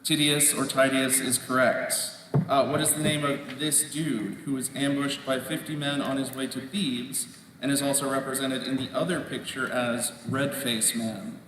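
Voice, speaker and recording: Man reading quiz questions, measured delivery, heard from afar, long hall reverb, faint background noise. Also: medium pitch, steady tone, far from the mic. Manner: measured, repeats questions and rules on answers. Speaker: quiz moderator. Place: large indoor competition hall.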